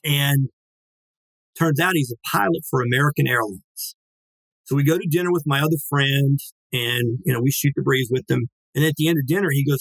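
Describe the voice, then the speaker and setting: A man in his sixties talks as a guest in a close, dead-sounding room with no echo. His voice sits at an ordinary middle pitch. He tells his story casually and acts out the voices of the people in it. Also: a little fast, creaky. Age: 60s. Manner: lively, acts out quoted dialogue, swears casually.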